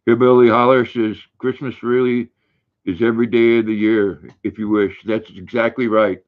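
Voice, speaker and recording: An older man hosting a casual livestream, reading viewers' comments aloud in a relaxed, folksy way. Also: medium pitch, moderate pace. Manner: relaxed, folksy, reads viewer names and messages. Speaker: livestream host. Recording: dull lo-fi stream audio.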